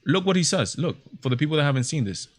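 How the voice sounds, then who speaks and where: A man's voice: on the high side, very animated, fast, slightly rough, no room sound. A man hosting a casual livestream, talking emphatically with lots of repetition. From Hispanic heritage, United States. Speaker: show host.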